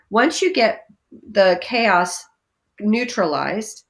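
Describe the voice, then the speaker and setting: A woman talking as a podcast guest about breathing exercises, animated, dropping into playful voices for her inner thoughts. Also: slow. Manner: lively, acts out inner voices with big pitch jumps. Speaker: guest energy healer. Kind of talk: podcast interview, coaching talk.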